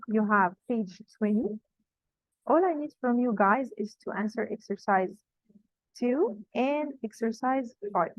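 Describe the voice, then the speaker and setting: Higher-voiced woman teaching grammar, dry and dull. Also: dry recording. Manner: repeats rules slowly and with emphasis. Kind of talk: classroom grammar lesson.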